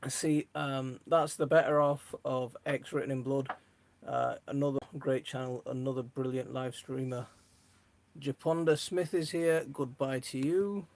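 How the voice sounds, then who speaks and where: A woman's voice: rumbling low, fairly even intonation, measured pace, darkish tone. A woman hosting a casual live stream, chatting, laughing often and reading viewer comments aloud.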